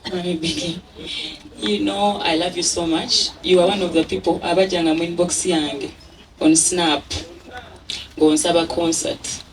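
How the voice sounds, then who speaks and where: A woman's voice: fairly low pitch, steady tone, measured pace, noisy background. A woman with a Ugandan accent giving an emotional thank-you speech at an event. She laughs often and mixes English with Luganda. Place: event venue. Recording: distant mic with a crowd behind.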